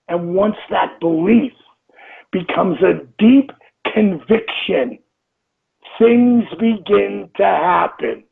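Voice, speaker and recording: A man's voice: high-pitched, slow pace, vocal fry, husky. A man in his sixties giving a motivational interview, emphatic, repeating phrases and acting out inner voices. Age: 60s. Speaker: interview guest. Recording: tinny phone-like line.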